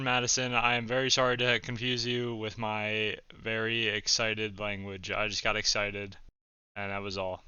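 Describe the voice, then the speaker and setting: Excitable young man, crisp bright voice. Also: on the low side, moderate pace, dry recording, muffled recording. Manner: excitable, jokey, sudden loud outbursts. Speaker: comedy YouTuber. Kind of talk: casual reaction commentary.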